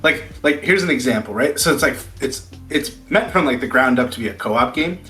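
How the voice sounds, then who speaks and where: A young man co-hosting a podcast, chatting casually and excitedly and swearing freely. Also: medium pitch, a little fast, roomy sound, low-quality recording. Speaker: podcast co-host. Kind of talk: casual chat.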